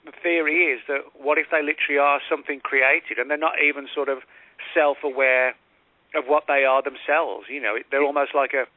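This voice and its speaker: A man, a guest author on a call-in radio interview, explains at length in a measured way with frequent fillers and restarts. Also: mid-range voice, fairly even intonation, no room sound. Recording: tinny phone-line audio, dry.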